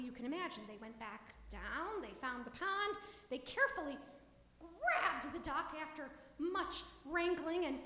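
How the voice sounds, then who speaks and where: A woman with a high voice tells a children's story at a service, switching into playful character voices. Her voice carries through a large reverberant hall. She keeps it warm and animated for young listeners. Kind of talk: children's story told aloud. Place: synagogue sanctuary. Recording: echoey hall.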